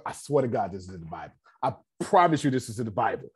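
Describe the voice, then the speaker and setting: Brief: male seminar leader, husky voice, animated preacherly delivery. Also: lowish voice, quick pace. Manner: preacherly, rhetorical questions to the audience. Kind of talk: motivational teaching.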